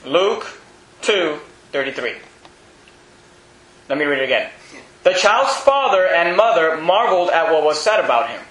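A man's voice: a little high, sing-song, normal speed, pauses often, fairly bright tone. A male pastor preaching an emphatic, mocking sermon, quizzing his congregation. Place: church hall with congregation. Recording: echoey church hall.

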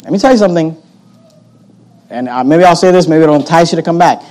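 A pastor preaching a sermon, emphatic and sarcastic, swinging between loud outbursts and hushed asides. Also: male voice, a little high, fast talker, poor audio.

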